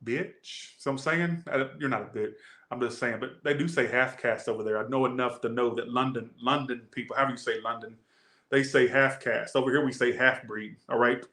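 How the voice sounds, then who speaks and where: A man with a Southern US accent giving a casual tarot reading, animated, blunt and joking. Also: mid-range voice, fairly quick, reverberant. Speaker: tarot reader.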